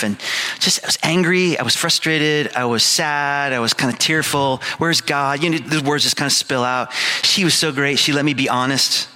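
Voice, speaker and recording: A man's voice: medium pitch, sharp tone. A man in his fifties, a pastor preaching a sermon and telling a candid personal story with emphatic repetition.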